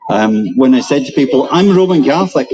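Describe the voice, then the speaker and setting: A Scottish man giving an animated, emphatic speech at an outdoor rally. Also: mid-range voice, a little fast, muffled recording, a crowd in the background. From Scotland. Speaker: rally speaker.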